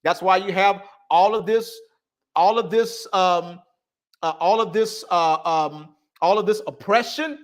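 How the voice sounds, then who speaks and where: A man hosting a live online talk, preaching in a repetitive cadence, leaning hard on key words and letting phrase ends trail off softly. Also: sits high, measured pace. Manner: preaching cadence, stressing words, repeating lines. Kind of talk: live-stream monologue on religion.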